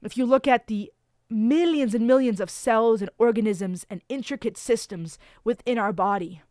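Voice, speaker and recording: A woman's voice: on the high side, normal speed, darkish tone, no room sound, studio quality. A woman giving casual, effusive reaction commentary as a vlogger, emphatic and full of restarts.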